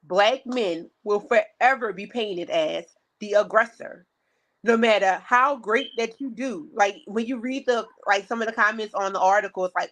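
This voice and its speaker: A podcast co-host with a medium-pitched voice and moderate pace tells a story in casual chat. She brings it to life with animation, acting out the dialogue of the people she describes.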